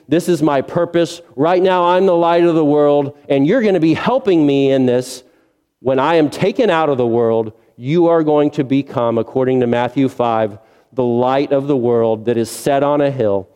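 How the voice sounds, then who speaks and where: A man's voice: a little high, dark tone. Preaching man in a reverberant hall. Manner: earnest preaching with rhetorical questions and repetition. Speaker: pastor. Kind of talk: sermon. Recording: long reverb of a large hall.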